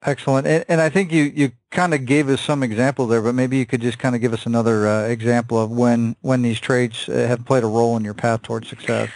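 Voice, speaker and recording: A man's voice: mid-range voice, level tone, fast talker, hardly any pauses, a little mellow, low-quality recording. A man from upstate New York hosting a radio interview, asking questions in a friendly way with many fillers and restarts. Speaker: radio show host.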